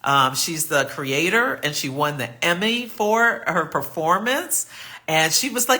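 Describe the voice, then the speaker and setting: Astrologer guy on a live stream, takes his time, kinda high voice, super affirming with viewers. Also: lively intonation, a little slow, bright, forceful tone. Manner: chatty and affirming, reads viewer comments aloud. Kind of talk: live-stream reading and chat.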